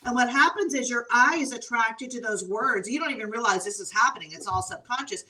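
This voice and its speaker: A woman consultant, a guest on the show, telling stories in an animated, exclamatory way and laughing often. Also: a little high, fairly quick, far from the mic, poor audio. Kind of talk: storytelling interview answers.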